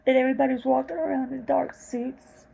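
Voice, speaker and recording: A woman earnestly retelling a vivid dream in a slow, halting way, close to tears at times. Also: sits high, steady tone, creaky, dark tone, slight background noise, poor audio. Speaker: vlogger telling a dream. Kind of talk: personal storytelling.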